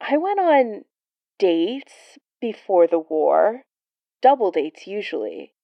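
A woman reading a story, voicing a weary, soft-spoken young man who talks in a tired, quiet, subdued way. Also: medium pitch, big pitch swings, slow pace, creaky, no echo, dull audio, heavily acted.

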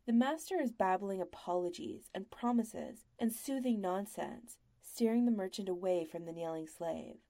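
Gravelly, dark-voiced female audiobook narrator. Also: mid-range voice, normal speed, few pauses, dry recording.

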